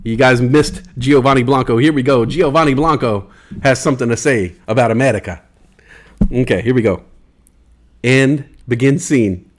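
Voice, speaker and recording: A man's voice: mid-range voice, moderate pace, slight background noise. A man hosting a casual livestream in a laid-back way, reading chat aloud and laughing easily. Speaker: livestream host.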